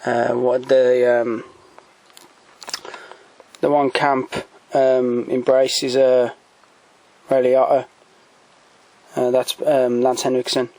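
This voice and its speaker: A man's voice: mid-range voice, little pitch movement, slow, pauses often, a little mellow, no echo, poor audio. Man rambling about his film shelf. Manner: hesitant, many ums and restarts, enthusiastic recommendations. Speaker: collector showing DVDs. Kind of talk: casual off-the-cuff commentary. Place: home room by a shelf.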